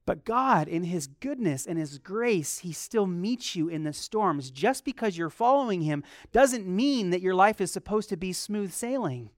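A preacher delivering a sermon in a lively way, firing rhetorical questions at the congregation. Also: mid-range voice, measured pace, few pauses, dry recording, studio quality. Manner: acts out quoted complaints in a softer voice.

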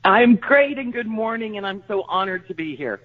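A woman with a warm Texas drawl talks as a guest author, rambling and self-deprecating as she tells a story. Her voice comes through a tinny phone line with no room sound at all. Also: medium pitch, lively intonation, normal speed, dry recording. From Texas, USA. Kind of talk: conversational interview.

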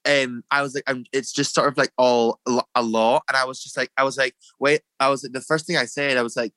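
A man's voice: mid-range voice, fast, hardly any pauses, sharp tone, no echo. A young man with a Scottish accent, a drag performer, chatting in an interview and acting out other people's lines in a raised voice. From Scotland. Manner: chatty, filler-heavy, acts out quotes in a raised voice. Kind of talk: casual storytelling interview.

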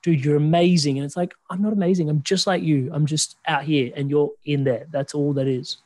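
Podcast host guy, kinda high voice, soft and reflective, dry sound. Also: steady tone, fairly quick, dry recording. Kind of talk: casual podcast conversation.

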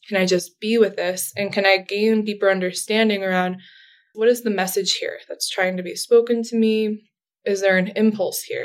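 A woman speaking as a therapist guest in a casual interview, explaining things in a chatty way with frequent fillers and light laughs. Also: mid-range voice.

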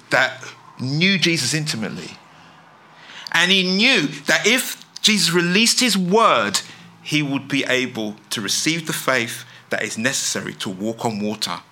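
Bright, animated male preacher. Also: fairly high pitch. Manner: emphatic, asks the listeners rhetorical questions. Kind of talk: sermon.

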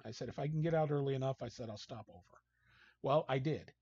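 A man's voice: medium pitch, fast talker, slightly rough, dry recording. A man, a hockey coach guest, telling casual anecdotes and acting out what people said. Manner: animated storyteller, acts out quotes. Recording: dull, dry lo-fi sound.

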